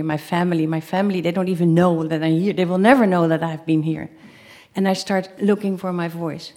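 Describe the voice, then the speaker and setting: A woman with a slightly low voice tells a personal story live on stage. She speaks in halting bursts, often repeating or restarting a phrase before going on, and voices her own past cries for help. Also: steady tone. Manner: acts out her own shouted pleas.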